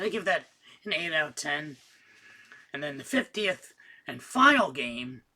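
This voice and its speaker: A man's voice: a little high, breathy edge. A man casually reviewing the games he finished, swearing freely and getting worked up in rants. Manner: casual, profane, excitable rants. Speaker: gaming YouTuber. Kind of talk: casual game roundup.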